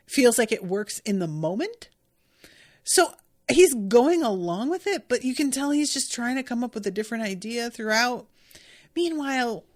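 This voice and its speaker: A young woman hosting a podcast, casually recapping an episode in an animated, giggly way. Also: fairly high pitch. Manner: giggly, animated storytelling with frequent laughter. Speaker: podcast host.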